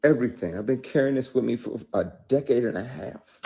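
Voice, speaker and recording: A man's voice: medium pitch, brisk, creaky, dark tone, husky. A man, an actor, talking unscripted to his viewers in a heated, blunt and profane way, hammering points with repeats. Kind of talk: unscripted live-stream talk to viewers.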